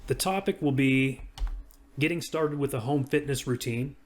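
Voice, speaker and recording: Brief: everyday male reviewer, mid-pitched, easygoing screen-demo narration. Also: normal speed, slight background noise. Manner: casual, talks through each click. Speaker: software reviewer. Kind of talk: screen-recorded software walkthrough.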